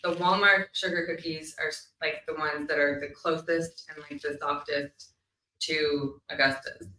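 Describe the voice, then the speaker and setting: A woman hosting a casual chat, talking freely with many ums and quick laughs. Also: deep voice, steady tone, pushed and bright. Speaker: host. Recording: roomy, mic at a distance.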